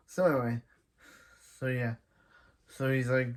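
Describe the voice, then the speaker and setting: A man casually recapping an anime episode, rambling, restarting sentences, and often trailing off quietly. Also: mid-range voice, unhurried, a little hiss or hum. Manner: rambling, with frequent restarts and "he's like" retellings.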